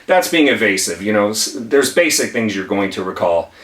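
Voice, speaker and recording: A man's voice: on the low side, sing-song, moderate pace, a bit bright. A man, an attorney, giving a conversational whiteboard lesson with emphatic, repeated key phrases. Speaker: attorney teaching legal tips. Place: room with whiteboard. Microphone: camera mic at a distance. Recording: echoey room, voice from a distance.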